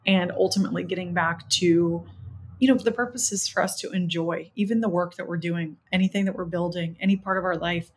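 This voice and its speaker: A young woman hosting a podcast, telling a personal story in a chatty, animated way and acting out quoted dialogue. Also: on the low side, breathy edge. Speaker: podcast host. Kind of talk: casual solo podcast storytelling.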